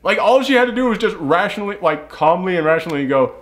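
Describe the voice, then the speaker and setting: Guy w/ a slightly higher voice ranting about a movie, cusses a lot, does little voices for the characters. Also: animated, quick pace, fairly bright tone. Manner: swears freely, acts out characters' lines in quoted voices; rambling, frequent "like" and restarts. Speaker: movie reviewer. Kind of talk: casual movie review chat.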